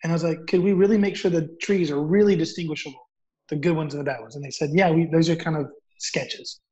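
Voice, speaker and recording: A man telling a story as a guest author, acting out the dialogue in an animated way. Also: a little high, quick pace. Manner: animated, acts out quoted dialogue. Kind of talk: storytelling in an interview. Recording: dull lo-fi audio.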